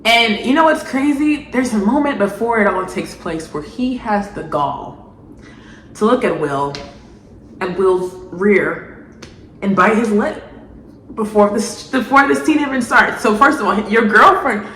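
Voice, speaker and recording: A woman ranting in a vlog commentary, animated, sarcastic and exasperated. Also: medium pitch, a little slow, reverberant, slight background noise, poor audio. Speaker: video essayist.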